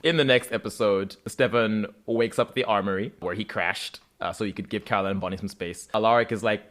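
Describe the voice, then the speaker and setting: Man animatedly recapping a show. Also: medium pitch. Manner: animated retelling with quick voiced asides. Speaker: podcast co-host. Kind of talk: casual recap chat.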